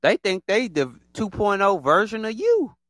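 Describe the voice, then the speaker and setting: A man talks on his own in a casual podcast monologue, his voice sitting a bit high and swinging up and down a lot. He repeats his points and jumps into exaggerated impressions of other people. The sound is dry and close, with no room echo. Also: huge pitch swings, moderate pace, fairly bright tone. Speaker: podcast host.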